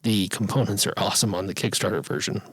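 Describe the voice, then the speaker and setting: A man's voice: on the low side, fairly even intonation, quick pace, fairly bright tone, slightly rough, no echo, rough recording. A man co-hosting a board game podcast, chatting casually, laughing often and restarting his sentences. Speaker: podcast co-host. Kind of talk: casual chat about board games.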